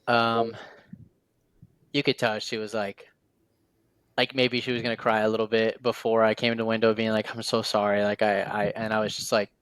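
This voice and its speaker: A man's voice: fairly low pitch, level tone, normal speed, pauses often, fairly bright tone, clear, resonant tone, no echo. A man talking in a casual podcast conversation as the series guest, telling stories with lots of "like" fillers and quoted dialogue.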